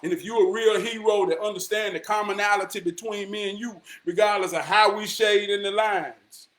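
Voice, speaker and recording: A man giving motivational straight talk in slang, emphatic and preachy, repeating lines and swinging from shouts to hushed tones. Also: high-pitched, steady tone, moderate pace. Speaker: motivational vlogger.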